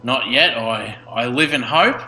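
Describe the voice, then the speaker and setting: Bright-voiced laid-back man. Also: mid-range voice, animated, unhurried, slight background noise, poor audio. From Australia. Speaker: podcast host. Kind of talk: casual tech chat.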